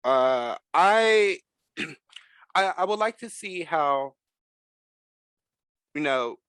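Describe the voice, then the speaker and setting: A man hosting a casual podcast chat, talking in an animated, emphatic way. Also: a little high, extremely slow, clean tone, no room sound. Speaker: podcast host.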